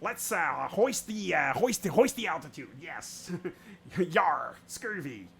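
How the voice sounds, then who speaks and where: A man's voice: a little high, very animated, slow pace, creaky, fairly bright tone, heavily acted. A man putting on a playful pirate voice with growled pirate slang.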